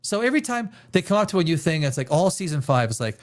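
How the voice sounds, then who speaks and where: Talking quickly with few pauses, a podcast host in a slightly high voice with lively intonation chats casually on his live stream from a desk chair at home. He rambles sarcastically, swears now and then, and makes fun of others with put-on voices.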